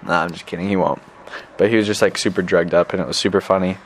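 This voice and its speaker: A man's voice: sits low, steady tone, quick pace, a little hiss or hum. A young adult man telling a story casually to the camera as a missionary, rambling and filling gaps with "like.". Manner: rambling, filler-heavy, lots of "like".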